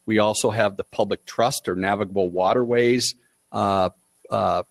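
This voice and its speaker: A man presenting at a conference panel as a state forester, speaking in a measured way with occasional fillers and restarts. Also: lowish voice, steady tone, creaky, no echo. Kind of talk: prepared conference talk. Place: conference room.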